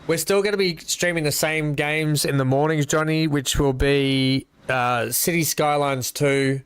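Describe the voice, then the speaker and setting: A man's voice: on the high side, steady tone, unhurried, a bit bright, clear, resonant tone. An Australian man chatting casually to his live-stream viewers while playing, rambling and greeting them by name.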